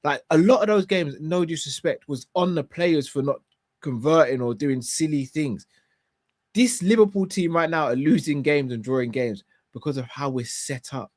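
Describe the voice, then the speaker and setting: A man's voice: on the high side, moderate pace, darkish tone, no room sound, clean studio sound. A young man, co-hosting a football fan show and making his case in emphatic, slangy chat. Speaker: fan podcast co-host. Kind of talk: casual football debate.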